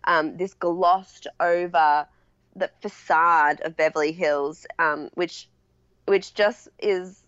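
A woman's voice: on the low side, fairly even intonation, slow, a bit bright, clear, resonant tone, no room sound. A woman chatting casually as a podcast co-host, rambling through sentences with many restarts and fillers. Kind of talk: casual chat. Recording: dry, slightly dull lo-fi sound.

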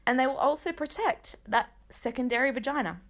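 A woman hosting a casual gossip commentary, candid and joking, with quick asides. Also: sits high. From Australia. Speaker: podcast host.

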